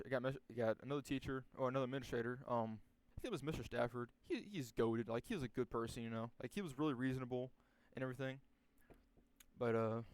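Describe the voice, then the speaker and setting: A man's voice: mid-range voice, a little mellow, clear, resonant tone, no echo. A young man casually telling a story from his school days, rambling and profane, with many restarts and fillers.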